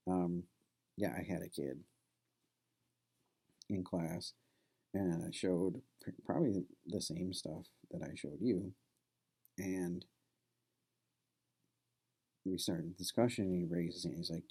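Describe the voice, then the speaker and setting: A man's voice: low voice, measured pace, pauses often, mellow, husky. A man who is a college professor, talking casually to his class and telling a story, loose and conversational with plenty of fillers. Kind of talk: classroom lecture with anecdote.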